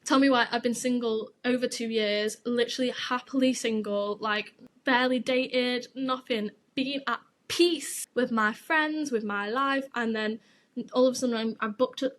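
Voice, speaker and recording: A woman's voice: a little high, a bit bright. A young woman, hosting her podcast and telling a gossipy story in a frank, sweary, chatty way. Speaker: podcast host.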